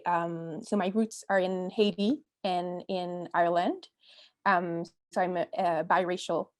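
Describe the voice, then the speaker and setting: A young adult woman from Quebec introducing herself on a video call panel, earnest and halting, with frequent fillers. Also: mid-range voice.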